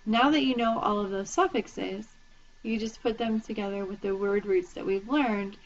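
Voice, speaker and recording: A woman's voice: mid-range voice, moderate pace. A woman instructor giving a recorded lecture, patiently explaining terms and spelling them out letter by letter. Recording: dull lo-fi lecture recording with faint noise.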